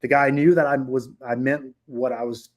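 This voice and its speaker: A man's voice: mid-range voice, fairly even intonation, normal speed. A middle-aged man who owns short-term rentals, telling viewers a story in a blunt, profane, heated way.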